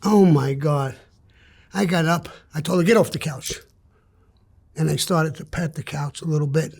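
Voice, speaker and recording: An interview guest from New York, a man with a husky, breathy edge and a voice slightly high for a man, tells a crude joke story at normal speed. He curses freely, moving from hushed asides to loud, animated bursts.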